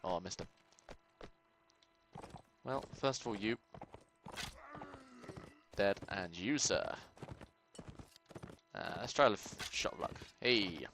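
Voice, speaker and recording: A man giving casual commentary on his game, excitable, muttering to himself and swearing. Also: deep voice, noisy background. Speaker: gaming channel host.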